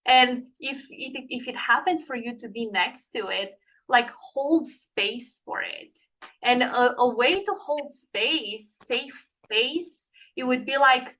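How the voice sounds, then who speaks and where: Woman guest, earnest and encouraging, bright and a touch high. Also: slow, poor audio. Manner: earnest, encouraging, speaks softly when quoting comforting words. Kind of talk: casual conversation.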